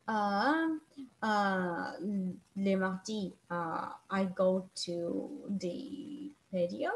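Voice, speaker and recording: A woman's voice: medium pitch, a little mellow. Woman teacher, online class over video call, patient and repetitive. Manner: patient, repeats and translates phrases slowly.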